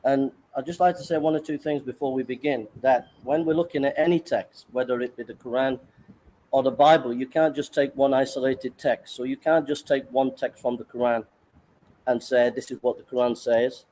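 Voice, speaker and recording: A man calling in to a debate stream, laying out his argument in a measured, deliberate way. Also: mid-range voice, steady tone, dark tone, low-quality recording. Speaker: caller. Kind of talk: debate presentation.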